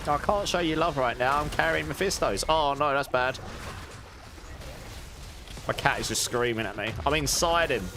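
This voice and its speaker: A man's voice: on the high side, normal speed, pauses often, noisy background. A man streaming a game live, chatting casually with viewers and laughing often. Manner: chatty, laughs often, talks to chat and his cat. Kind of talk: live gameplay commentary.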